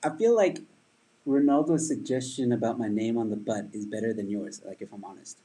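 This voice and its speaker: Husky man, comedian host, loose rambling livestream chat with viewers. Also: fairly low pitch, brisk, mellow, low-quality recording. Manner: rambling, chatty, reads and answers viewer comments.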